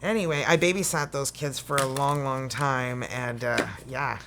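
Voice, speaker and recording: A woman's voice: a bass voice, steady tone, moderate pace, noisy background. A Canadian woman giving a casual, chatty tarot reading to camera, full of folksy sayings. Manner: chatty and folksy, full of "you know" and "okay". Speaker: tarot reader.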